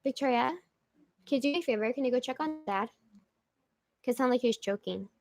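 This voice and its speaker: A woman's voice: fairly high pitch, fast, darkish tone. A young woman hosting a casual livestream, chatting and rambling with jokey asides as she reads viewer comments. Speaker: livestream host.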